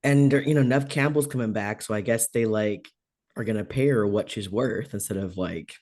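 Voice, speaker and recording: A man's voice: fairly low pitch, normal speed, darkish tone. A man in a casual horror podcast chat, talking thoughtfully with loose filler words.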